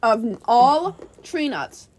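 High-voiced young woman giggling thru casual podcast chat, recorded on a phone memo, noisy background. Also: drawn-out words. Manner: giggly, animated. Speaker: podcast co-host.

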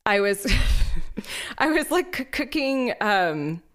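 A woman's voice: medium pitch, big pitch swings, takes it slowly, fairly bright tone. A woman from Houston chatting casually as a guest, laughing often and stopping to hunt for words. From Houston, Texas. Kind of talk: casual chat.

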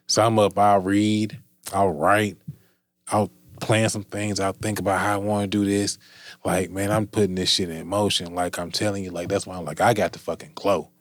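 Lower-voiced profane man in casual chat. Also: normal speed, no echo. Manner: profane, animated, repeats himself.

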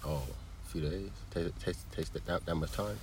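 Deep-voiced, laid-back man co-host. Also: fairly even intonation, moderate pace, husky. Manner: laid-back, playful, addresses viewers as y'all. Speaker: podcast co-host. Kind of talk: casual couple chat.

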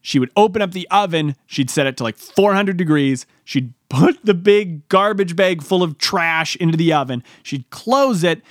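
A man spins a comedic story in a rambling, animated way and jumps into acted-out quotes. His voice sits a bit high. The recording is close and dry. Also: normal speed, hardly any pauses, no echo.

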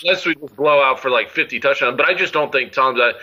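A man's voice: medium pitch, quick pace, pushed and bright. A man co-hosting a casual sports podcast, rambling through his points with lots of fillers. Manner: rambling, full of fillers and restarts. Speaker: podcast co-host. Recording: dull lo-fi audio.

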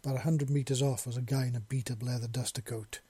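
Brief: male storyteller, dark husky voice, dry close sound. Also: medium pitch, fast, no echo. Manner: plain steady reading with small slips. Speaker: narrator. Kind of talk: reading fan fiction aloud.

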